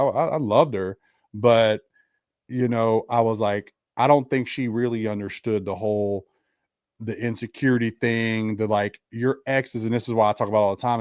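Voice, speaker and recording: A man's voice: medium pitch, no echo, clean studio sound. A young man, a podcast guest, telling a personal story in a rambling, casual way with lots of fillers.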